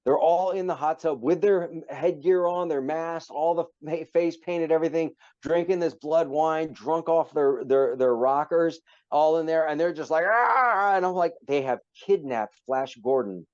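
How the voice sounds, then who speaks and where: Animated middle-aged man telling a story. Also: on the high side, normal speed, hardly any pauses, no room sound, muffled recording. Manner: animated, acts out voices in his anecdote. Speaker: podcast guest, actor. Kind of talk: storytelling in a casual interview.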